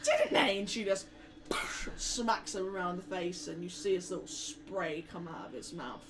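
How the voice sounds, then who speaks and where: A woman narrating a tabletop role-playing game as game master, describing scenes in a relaxed way with plenty of fillers. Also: lowish voice, normal speed, background noise.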